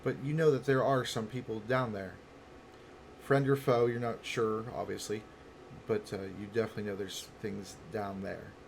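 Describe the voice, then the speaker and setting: A man narrating as game master for a tabletop game, slow and deliberate with fillers. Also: lowish voice, fairly even intonation, gravelly, noisy background.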